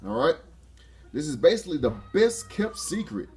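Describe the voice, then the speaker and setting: A man giving a casual motivational talk to camera, excitable, laughing often and restarting his phrases. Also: medium pitch, normal speed. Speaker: motivational vlogger.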